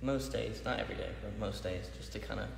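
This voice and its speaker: Relaxed man in an echoey studio. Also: on the low side, fast, vocal fry. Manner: relaxed, chatty, laughs often. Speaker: livestream host reading viewer questions. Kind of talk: casual chat. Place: large echoey dance studio. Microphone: phone livestream. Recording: echoey hall with faint noise.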